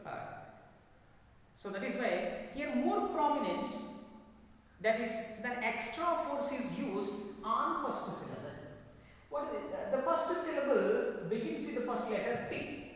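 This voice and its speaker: A man with a Telugu accent, a native Telugu speaker, teaching an English class in a slow, deliberate lecture style and repeating key words for his students. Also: very high voice, a bit bright, far from the mic. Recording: echoey hall recorded from afar.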